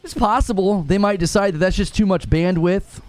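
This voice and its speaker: A man's voice: sits high, normal speed, dry recording, faint music behind. A man hosting a live gaming talk stream, reading viewer tips and joking sarcastically, laughing often. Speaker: live talk show host. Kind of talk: live stream commentary reading super chats.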